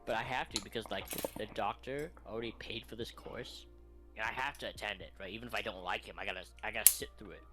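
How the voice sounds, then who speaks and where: A man's voice: on the low side, fast talker, music in the background. A man streaming casually who rants in a tired voice, swearing freely and often adding "right?". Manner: ranting, profane, tired. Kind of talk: casual chat.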